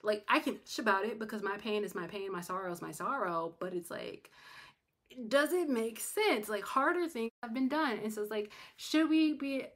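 A young adult woman hosting a casual livestream chat. She talks to her viewers directly, animated and emphatic. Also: on the high side, moderate pace. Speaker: livestream host.

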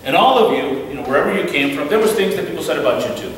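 Fast-talking man in an echoey hall. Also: fairly high pitch, a little hiss or hum. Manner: fast, animated, acts out the voices in his stories. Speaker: guest speaker at a church. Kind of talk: storytelling talk. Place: church hall. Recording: echoey hall from far off, faint ambience.

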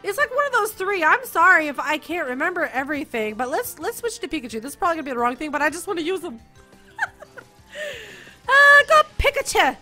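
A young woman giving excited let's-play commentary, giggling often and jumping from loud squeals to quiet mumbles. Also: high voice, rapid-fire, soft background music. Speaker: gaming YouTuber.

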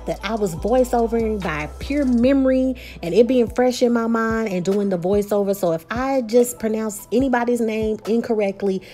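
A woman's voice: a little high, normal speed, hardly any pauses, dark tone, soft background music. Chatty Texan woman reviewing reality TV. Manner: chatty, opinionated, addresses viewers directly. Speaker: reality TV recap vlogger. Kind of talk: recap and review commentary.

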